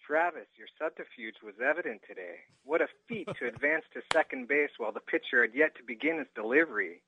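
A man's voice: mid-range voice, big pitch swings, fast, noisy background. A man voicing a stiff, formal male translator persona who talks in stilted, precise phrases over a dull, muffled line.

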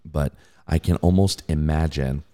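Deep-voiced man in earnest faith talk. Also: steady tone, unhurried, warm tone. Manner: earnest, repeats words while searching for thoughts. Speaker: podcast co-host. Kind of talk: casual faith discussion.

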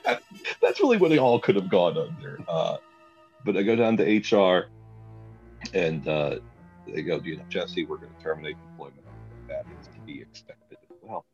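A young man telling a comic story in a casual chat, animated and laughing often as he acts out what people said. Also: deep voice, moderate pace, pauses often, muffled recording, faint music behind.

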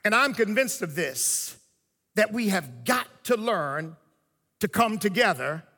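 Male preacher, very high bright voice, emphatic pauses, long hall reverb. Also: sing-song. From United States. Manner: preaching with emphatic pauses and slow drawn-out phrases. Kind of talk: sermon.

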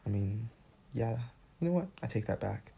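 A man's voice: lowish voice, animated, normal speed, creaky, mellow, slightly rough. A man hosting a casual solo podcast, rambling and joking as he talks to himself. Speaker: podcast host.

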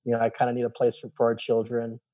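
A man's voice: mid-range voice, fast, lo-fi sound. A man telling a personal story in casual talk, acting out quoted dialogue with lots of fillers. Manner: animated, acts out quoted dialogue; many fillers and repeated "I was like". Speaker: guest telling his story.

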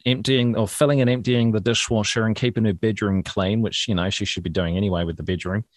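A man's voice: fairly low pitch, steady tone, fast talker, dry recording, studio quality. A middle-aged man with a New Zealand accent, co-hosting a podcast and trading jokes in casual chat. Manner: jokey, laughs often. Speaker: podcast co-host.

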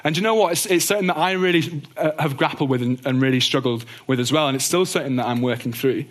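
Man teaching a bible lesson, gentle and earnest, voice a bit on the high side. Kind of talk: teaching talk on doctrine.

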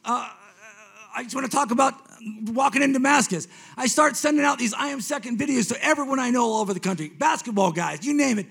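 A man's voice: very high voice, brisk, vocal fry, breathy edge. Man in his fifties giving testimony. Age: 50s. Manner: swings between hushed and excited, repeats himself. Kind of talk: personal testimony sermon.

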